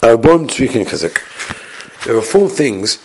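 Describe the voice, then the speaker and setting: A man's voice: medium pitch, sing-song, slow, slight background noise. A man teaching a Talmud lesson, reading the source text and then explaining it, often restarting and hesitating. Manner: reads Hebrew and Aramaic text, then explains it in English.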